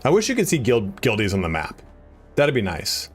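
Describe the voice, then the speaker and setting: A man chatting casually while live-streaming a game, excitable and swearing, his voice jumping up high when he gets worked up. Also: moderate pace, soft background music.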